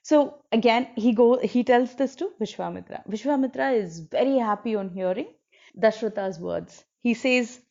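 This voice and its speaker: A woman's voice: on the high side, normal speed, creaky, a little mellow. A woman retelling an old epic in casual storytelling narration, explaining as she goes and acting out the characters' lines. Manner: explains as she goes, with fillers and restarts, acting out quoted kings and sages. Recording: dull lo-fi recording.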